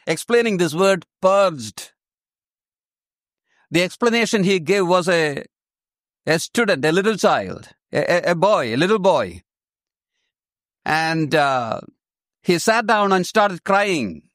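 A man with a high voice delivers a sermon at an unhurried pace. He leans on emphasis and repeats his main phrases. The sound is close and dry. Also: fairly bright tone, no room sound. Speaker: preacher.

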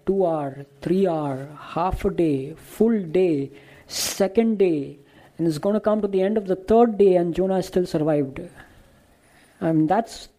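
A preacher delivers a sermon in a mellow, warm voice of middling pitch. The delivery is emphatic, stacking repeated phrases and reading out scripture verses. Sentences often restart with small stumbles before pressing on. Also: poor audio.

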